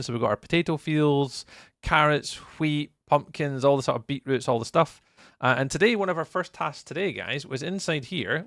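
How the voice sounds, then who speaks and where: A man's voice: mid-range voice, vocal fry, fairly bright tone, no echo, clean studio sound. A Scottish man chatting casually through a live gameplay stream, greeting viewers by name as he talks. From Scotland. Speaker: livestreamer.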